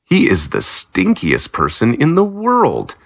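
A man's voice: medium pitch, wildly swooping pitch, takes it slowly, vocal fry, voice pushed up, heavily acted. A man voicing a nervous small-time male thief who pleads in a whiny voice.

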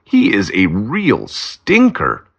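A man's voice: on the low side, huge pitch swings, takes it slowly, creaky, a bit bright, lo-fi sound, exaggerated voice. A man voicing a nervous small-time male thief who pleads in a whiny voice.

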